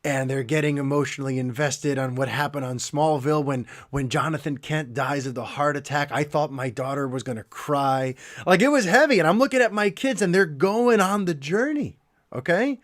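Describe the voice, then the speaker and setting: A middle-aged man with a fairly high voice hosts a podcast, telling a heartfelt story with plenty of feeling. He talks in an animated way and breaks off into quick asides. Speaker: podcast host. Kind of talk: casual podcast monologue.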